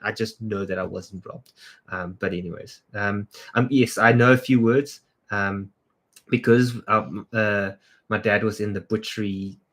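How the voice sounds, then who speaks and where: South african guy, kinda low voice, rambling casual livestream chat, reading out comments. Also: steady tone, unhurried, fairly bright tone. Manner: chatty, greets viewers and answers their comments off the cuff. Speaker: creative director hosting a livestream.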